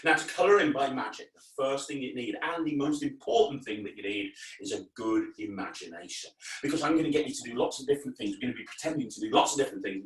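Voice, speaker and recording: Kids magician guy, loud and over the top, bright voice, bit far from the mic in an echoey room. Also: a little hiss or hum. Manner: animated, exaggerated, jumps to loud high shouts. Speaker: children's entertainer, magician. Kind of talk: energetic comedy magic show for kids.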